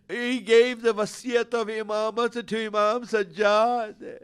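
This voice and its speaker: A man preaching a sermon and telling a sad story in an emotional, lamenting way, with long pauses, in an Islamic center hall. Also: high voice, flat delivery, clear, resonant tone.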